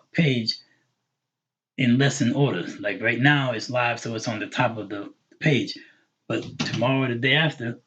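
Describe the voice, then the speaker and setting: Man, language teacher, husky voice, patient, repeats words slowly, slightly muffled live stream audio. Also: mid-range voice, a bit bright. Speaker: Arabic teacher. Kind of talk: live online language lesson.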